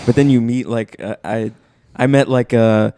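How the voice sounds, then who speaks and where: A man's voice: medium pitch, fairly even intonation, moderate pace, mellow, smooth. A man telling a story on a comedy podcast, rambling with lots of fillers. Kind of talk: casual comedic chat.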